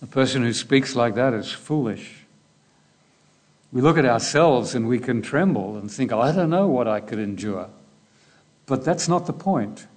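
A man preaching a sermon in a deliberate way, asking repeated rhetorical questions. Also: mid-range voice, animated.

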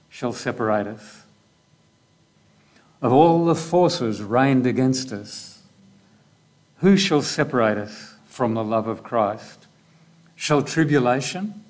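Man, sermon, slow measured delivery, rhetorical questions, mid-pitched voice. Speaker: preacher.

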